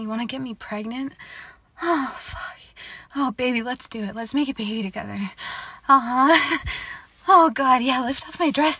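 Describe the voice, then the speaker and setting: A woman performing an intimate audio role-play, speaking softly and affectionately, often laughing between phrases and sometimes dropping into a whisper. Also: fairly high pitch, no echo. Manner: drops into breathy whispers at times.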